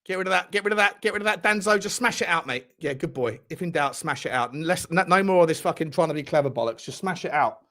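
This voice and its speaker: Host: man, high voice, live match reactions with lots of shouting and swearing. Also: quick pace, hardly any pauses. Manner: excitable, shouts at players, swears a lot. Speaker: football watchalong host. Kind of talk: live football watchalong commentary.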